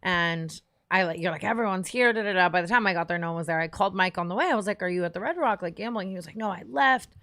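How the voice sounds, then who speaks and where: Chatty low-voiced young woman. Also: racing, fairly bright tone. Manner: chatty, teasing, lots of "like". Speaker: podcast guest. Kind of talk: casual chat.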